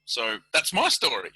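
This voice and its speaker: Bright-voiced man on a live call. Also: mid-range voice, slightly rough, no room sound, low-quality recording. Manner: relaxed, laughs between phrases. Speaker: call participant. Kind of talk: casual chat on a live call. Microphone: video call.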